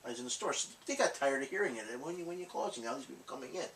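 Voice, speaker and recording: Man, host, casual rambling stories, laughs a lot, swears, quite animated, far from mic, faint hiss. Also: mid-range voice, racing, creaky. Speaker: collectibles channel host. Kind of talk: casual storytelling chat. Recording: echoey room, off-mic, faint noise.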